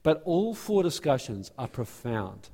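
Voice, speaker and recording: A man preaching from the front of a church, his voice sitting at an ordinary middle pitch. He talks earnestly, often breaking off and restarting a phrase, and his pace keeps shifting between quick and slow. A long reverb from the hall trails after his words. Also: sing-song, dark tone. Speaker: pastor. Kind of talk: sermon with church announcements. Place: church sanctuary.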